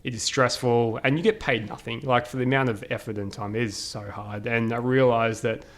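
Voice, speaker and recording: Animated man telling stories. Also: mid-range voice, brisk. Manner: animated, laughing, many fillers. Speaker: podcast guest. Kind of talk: casual storytelling interview.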